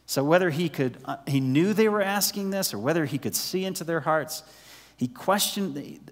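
Male pastor, slightly high voice, conversational sermon delivery with hushed emphasis; long church reverb. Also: animated, moderate pace. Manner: conversational preaching, asks listeners questions, drops to near-whisper for emphasis.

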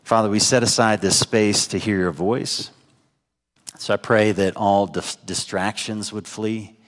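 Pastor preaching in a reverberant hall. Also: male voice, fairly low pitch, steady tone, measured pace. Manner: conversational preaching with rhetorical questions to the congregation. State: congested with a head cold. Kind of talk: sermon. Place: church sanctuary.

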